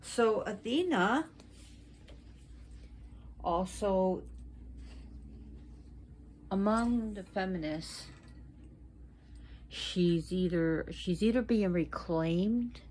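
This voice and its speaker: A woman presenting a casual educational video at home, talking slowly and deliberately and repeating words for emphasis. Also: mid-range voice, darkish tone, slight background noise. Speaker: video presenter on mythology and witchcraft. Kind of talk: casual educational talk to viewers.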